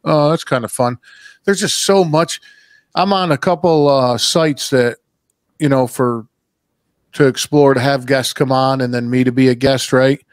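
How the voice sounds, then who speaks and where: A man hosting a podcast in casual chat, a loud, animated storyteller who swears freely. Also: mid-range voice, a little slow, no room sound, clean studio sound. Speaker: podcast host.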